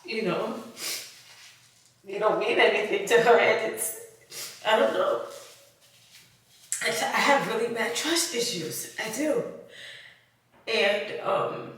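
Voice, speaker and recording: A woman YouTuber talking in a confessional vlog, emotional and halting, with sighs, fillers and a tight throat. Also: on the high side, a bit bright. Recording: very echoey room, voice far from mic.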